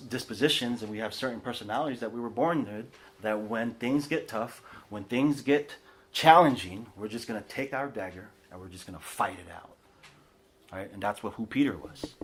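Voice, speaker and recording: A man preaching a conversational sermon in a house church, casual and animated, often checking in with his listeners. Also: on the low side, normal speed, slight background noise. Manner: casual, animated, tags lines with "right?", many restarts. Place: house church living room.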